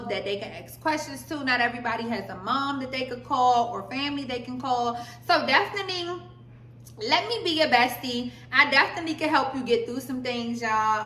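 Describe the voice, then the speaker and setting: A young woman with a high, bright voice chats casually through vlog advice, calling her viewers "y'all". She sits a little back from the mic, and the room around her rings with echo. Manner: chatty, addresses viewers as y'all. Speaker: vlogger. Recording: echoey room, voice a bit far from mic.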